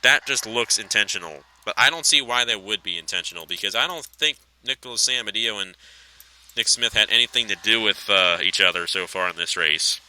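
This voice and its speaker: A man calling a sim racing event with excitable play-by-play, his voice climbing high in tense moments, then chatting through the replays. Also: brisk, poor audio. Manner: excitable, pitch shooting up at close racing. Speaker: race commentator.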